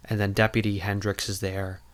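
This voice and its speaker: A man's voice: on the low side, little pitch movement, normal speed, a bit bright, clear, resonant tone. A man hosting a podcast, recapping a movie in a casual, rambling, jokey way, full of "like" and "you know". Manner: jokey and irreverent. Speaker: podcast host.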